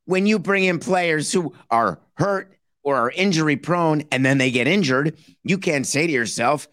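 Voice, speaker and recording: A man's voice: fairly high pitch, lively intonation, normal speed, hardly any pauses, fairly bright tone, no echo, clean studio sound. A man hosting a sports talk podcast, talking sarcastically and building his points like a mock courtroom argument. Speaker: podcast host.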